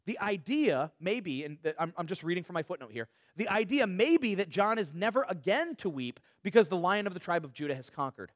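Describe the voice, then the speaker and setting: A man's voice: high-pitched, no echo, studio quality. A man teaching a Bible study in a conversational way, asking rhetorical questions, giving everyday examples and often restarting his words. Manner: frequent quick restarts and repeated words.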